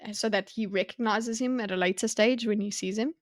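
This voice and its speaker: A woman's voice: mid-range voice, fairly even intonation, brisk, dry recording. Musing woman with a dry close sound. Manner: musing, tentative, lots of hedging and backtracking. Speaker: book club co-host. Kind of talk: casual book discussion.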